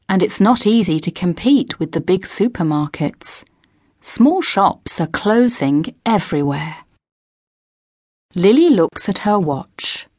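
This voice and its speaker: Slow, expressive woman narrator. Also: on the low side, no room sound, clean studio sound. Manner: slow, clear, expressive reading. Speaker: audiobook narrator. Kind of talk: scripted narration for language learners.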